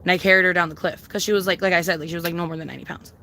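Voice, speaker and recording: A woman's voice: lowish voice, fairly even intonation, very fast, creaky, pushed and bright, a little hiss or hum, voice pushed down. A woman putting on the voice of a bragging, insecure short man who mumbles and rambles with lots of filler words. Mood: boastful.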